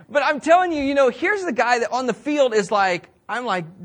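Male pastor, high-pitched, casual chatty sermon delivery with frequent restarts. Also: moderate pace, fairly bright tone. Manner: conversational, repeats words, asks the crowd questions.

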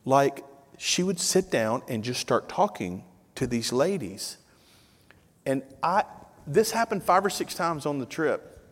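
A middle-aged man preaching a sermon, telling a family story with lively acted-out dialogue before turning to earnest exhortation. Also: medium pitch, measured pace. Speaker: pastor. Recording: long reverb of a large hall.

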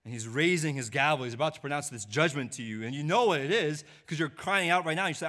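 Man preaching, hushed then pleading. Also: expressive, fast talker, few pauses. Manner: swings from hushed low delivery to raised, pleading voice in quoted lines. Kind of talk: sermon.

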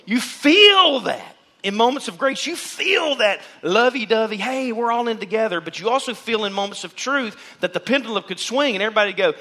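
A man preaching a sermon to his church as pastor, animated, and he acts out the voices of the people in the pews. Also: sits high, a little fast. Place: church sanctuary.

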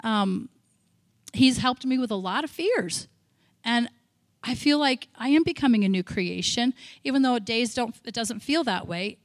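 A middle-aged American woman gives a sermon at a church service, slightly high-pitched, with candid, self-deprecating humor. She acts out her old prayers and worries in quoted asides, and her voice is recorded close and dry. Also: animated, a little slow, no echo. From United States. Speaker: missionary speaker.

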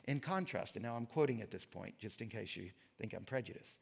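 A man giving a sermon lecture, telling stories and reading quotes with lively emphasis. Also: mid-range voice, fairly quick, vocal fry, few pauses, husky. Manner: animated storytelling, reads quotes with emphasis. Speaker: pastor.

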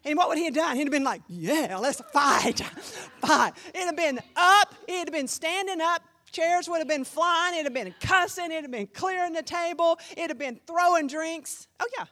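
A woman pastor preaching a sermon with animated storytelling, acting out the voices of the people she quotes. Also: very high-pitched, fairly quick, hardly any pauses, long reverb tail.

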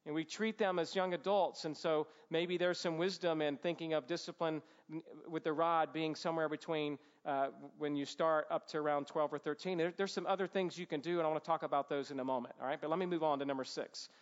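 Earnest high-voiced man teaching parents. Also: steady tone. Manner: earnest, emphatic, quick asides. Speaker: Christian parent teaching on discipline. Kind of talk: informal teaching talk with numbered points. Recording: dull lo-fi sound.

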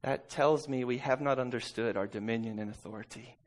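A man preaching a sermon, telling a personal story and calling out to the congregation for responses, moving from quiet talk to shouting. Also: mid-range voice, a little fast. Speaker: pastor.

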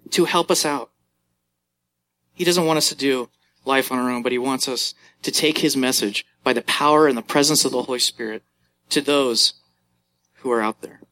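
A man's voice: a little high, sharp tone. A pastor in his thirties preaching a sermon, conversational and telling family stories.

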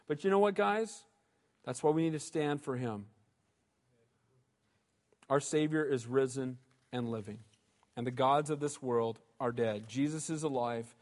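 A male pastor delivering an emphatic, animated sermon and often calling for amens. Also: mid-range voice, unhurried, long pauses. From United States. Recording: reverberant hall.

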